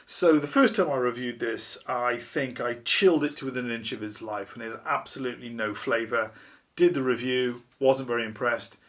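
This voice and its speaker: A man hosts a casual beer review vlog, chatty and wry, and pokes fun at himself. His voice is medium-pitched and moves at a moderate pace.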